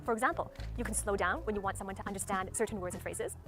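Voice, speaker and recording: A woman's voice: mid-range voice, fast. A woman giving a speaking lesson, methodically demonstrating tone and stress aloud. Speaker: speaking coach. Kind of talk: instructional talk. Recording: clear background music under voice.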